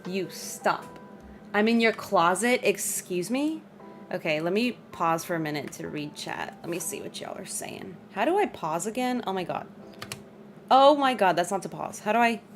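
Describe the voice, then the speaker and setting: A chatty woman livestreaming a game from her home, with a mid-range voice. She rambles easily, laughs often and keeps turning to talk with her dog and her chat. Soft music plays faintly behind her. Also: mid-range voice, expressive, moderate pace. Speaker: streamer. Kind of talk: casual chat while streaming a game.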